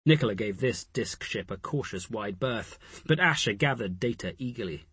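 Male narrator, husky, lively intonation, measured read. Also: mid-range voice, no room sound. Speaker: audiobook narrator. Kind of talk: scripted narration.

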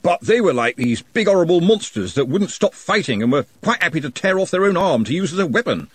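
A man doing a huge touchy bruiser, loud and indignant, voice pitched up high and jumping around, dry close sound. He barks blunt, suspicious questions at everyone. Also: very animated, brisk, breathy edge, dry recording. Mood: blustering.

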